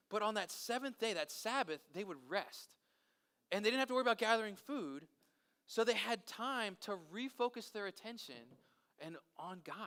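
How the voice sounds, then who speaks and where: A man leading a children's service outdoors, telling a Bible story and quizzing the kids. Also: high-pitched. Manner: animated, asks kids questions. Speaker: children's pastor. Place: outdoors in a park.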